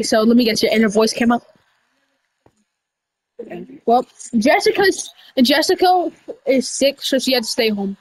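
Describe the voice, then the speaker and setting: A woman doing casual game role-play over voice chat, rambling with restarts and breaking into sudden high shouts. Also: animated, measured pace, long pauses, poor audio. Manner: rambling, with many restarts and y'all. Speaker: roleplayer running a candy store character.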